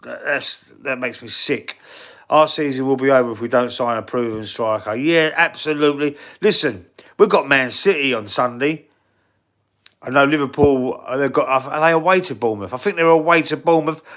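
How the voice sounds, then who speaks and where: A man's voice: fairly high pitch, a bit bright. A man with a Cockney accent hosting a casual football live stream, blunt and swearing freely as he answers the chat. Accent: London Cockney. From England.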